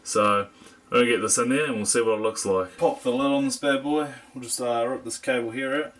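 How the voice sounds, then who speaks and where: A man's voice: medium pitch, fairly even intonation, fairly quick, a bit bright. A young man with a New Zealand accent giving a casual, jokey hands-on review of computer parts, rambling with fillers. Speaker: tech reviewer.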